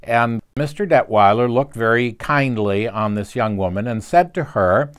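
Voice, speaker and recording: A man giving a short devotional talk, telling a story in an earnest, gently preaching way. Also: medium pitch, moderate pace, few pauses, clear, resonant tone.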